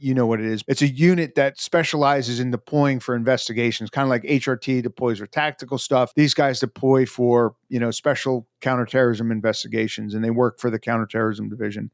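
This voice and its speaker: A retired FBI agent in an interview, telling a story in a casual, animated way and acting out the things he said. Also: medium pitch, dry recording, studio quality. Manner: animated, acts out his own quoted lines.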